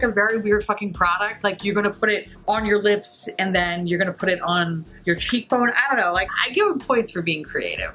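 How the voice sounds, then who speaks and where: A woman's voice: mid-range voice, pushed and bright. A woman doing a casual makeup review, blunt and profane, often breaking into giggles. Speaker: beauty YouTuber.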